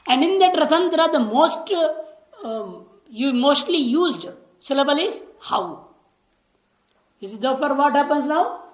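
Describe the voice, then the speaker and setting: A woman teaching scripture, explaining patiently, repeating key words and slowly chanting Sanskrit lines. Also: high-pitched, echoey room. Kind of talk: lecture on scripture.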